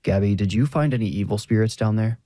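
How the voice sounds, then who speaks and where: Eager young man, low and mellow, near the narrator's voice , read by a man. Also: fast talker, dry recording, lightly acted.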